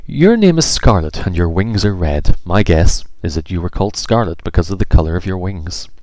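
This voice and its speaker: Know-it-all boy, pitched-up and pedantic, very lively, voiced by a man. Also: moderate pace, no echo.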